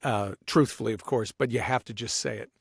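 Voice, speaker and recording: A man, a guest voice actor, telling lively anecdotes in casual conversation with frequent restarts. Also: medium pitch, a little fast, vocal fry, breathy edge, no echo, studio quality. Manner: animated storyteller with many restarts.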